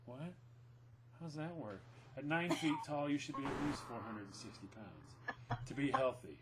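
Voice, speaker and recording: A man's voice: mid-range voice, lively intonation, normal speed, very noisy. A middle-aged man co-hosting a casual chat, telling stories with a joking manner and frequent laughter. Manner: joking storyteller, laughs often. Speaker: podcast co-host.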